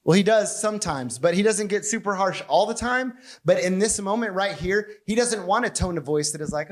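A man preaching a conversational sermon as pastor, animated and playful with his asides. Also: high-pitched, brisk, hardly any pauses. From United States.

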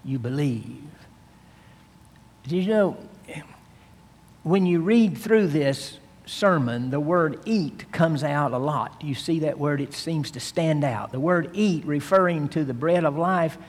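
A man's voice: fairly high pitch, takes it slowly, slightly rough. A man preaching a sermon, retelling a story with dramatic, emphatic delivery. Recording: long hall reverb.

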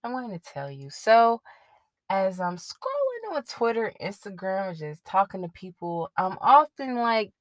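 A young woman hosts her own podcast, speaking at an unhurried pace in a medium-pitched voice with big swings in pitch and no room sound. Her solo commentary is casual and a little rambling, and she admits to getting tongue-tied as she occasionally stumbles over words.

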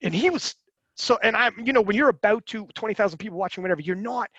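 Animated high-voiced man, muffled sound. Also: quick pace, slightly rough, no echo. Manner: animated, rambling, swearing. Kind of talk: casual podcast chat.

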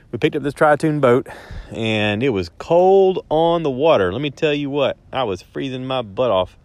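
A man's voice: mid-range voice, no echo. A man chatting easily into his phone, wandering off and circling back as he tells his day. His voice sits mid-range for a man and sounds close and dry, with no room around it. He keeps it loose and unscripted, fixing his own words on the fly. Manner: rambling, self-correcting, easygoing storyteller. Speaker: vlogger. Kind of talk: casual spoken diary.

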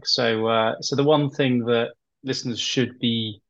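A man hosting a podcast interview, relaxed and casual, with many ums and uhs. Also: mid-range voice, unhurried. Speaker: podcast host. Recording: slightly dull, lo-fi sound.

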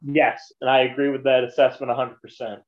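Man, casual movie chat, rambling retelling, middle pitch, muffled audio. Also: flat delivery, a little fast. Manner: rambling, retelling scenes with quoted voices.

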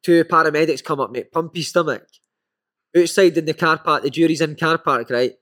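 A man's voice: fairly high pitch, brisk. Scottish man telling rowdy anecdotes. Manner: animated anecdotes with frequent "mate". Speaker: guest, former footballer. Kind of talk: casual storytelling.

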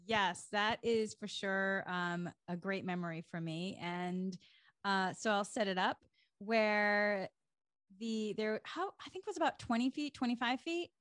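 A middle-aged woman co-hosting a podcast, recounting a personal story in casual, animated fashion with many fillers. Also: mid-range voice, a little slow, no room sound, studio quality. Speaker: podcast co-host.

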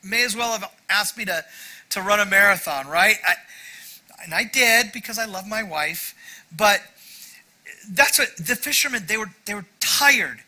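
Bright, high-voiced man preaching. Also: lively intonation, normal speed, poor audio. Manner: conversational, self-deprecating, frequent "right?" asides. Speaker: pastor. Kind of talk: sermon.

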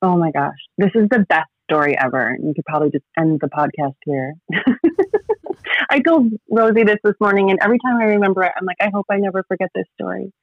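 A woman's voice: mid-range voice, fast, few pauses, no room sound. Rambling woman on a tinny line. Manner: rambling, heavy use of "like" fillers. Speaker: podcast guest. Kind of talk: casual personal storytelling. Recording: tinny phone-like line, dry.

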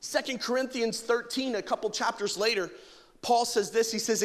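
A man preaching a sermon full of humor, animated and jokey, acting out bits of dialogue. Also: extremely high pitch, moderate pace, long reverb tail. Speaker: pastor. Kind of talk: sermon with comic stories.

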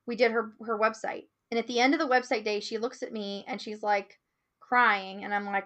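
Animated storytelling woman, higher voice. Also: brisk. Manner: animated storyteller, acts out quotes. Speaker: guest, marketing business owner. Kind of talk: casual interview talk.

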